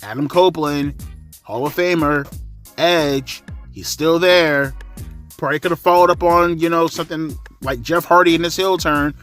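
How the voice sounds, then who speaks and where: A man's voice: on the high side, steady tone, normal speed, a bit bright, faint music behind. A man giving a blunt, rambling spoken review, a bit tired and short of breath. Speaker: wrestling commentary vlogger.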